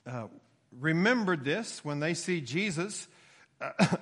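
A male preacher giving an expository sermon, explaining steadily and rising for emphasis now and then. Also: a little high. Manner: explanatory, steady teaching tone with occasional emphatic rises. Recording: long hall reverb.

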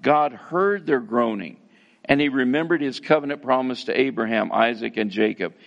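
A man's voice: mid-range voice, normal speed, gravelly. A man preaching a sermon in a conversational, folksy way. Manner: conversational, with fillers and folksy phrases. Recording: slightly dull, muffled sound.

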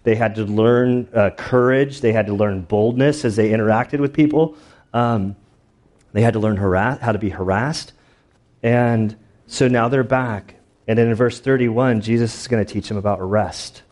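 A man's voice: lowish voice, fairly even intonation, normal speed, a little mellow. A man preaching a sermon as pastor, telling stories in a loose, conversational way with plenty of filler words. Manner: conversational storytelling with many fillers.

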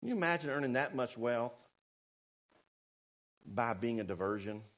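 A man preaching a sermon, fervent and swinging between shouted warnings and quiet asides. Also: mid-range voice, lively intonation, moderate pace. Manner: fervent, rising to shouts, then quiet and sarcastic.

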